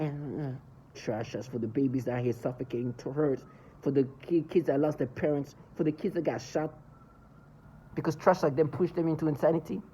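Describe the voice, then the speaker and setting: A man's voice: a little high, dark tone. A man ranting angrily in a monologue to camera, cursing and agitated. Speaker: vlogger.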